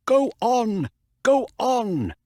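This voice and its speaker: A man putting on an excitable older horse owner. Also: very high voice, extremely slow, no echo, studio quality, pitched above the performer's own voice, full character voice. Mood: excited. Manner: excited, exclaiming.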